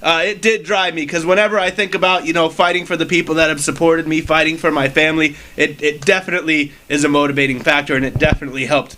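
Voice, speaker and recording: A man, a wrestler, giving an in-character promo interview, telling his story in a boastful and animated way. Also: fairly high pitch, fast talker, few pauses.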